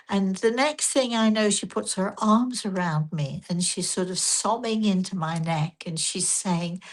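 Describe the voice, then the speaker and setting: An older woman, a spiritual medium and host, telling a story in a gentle, rambling way with frequent restarts. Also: lowish voice, unhurried, hardly any pauses. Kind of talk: casual storytelling talk.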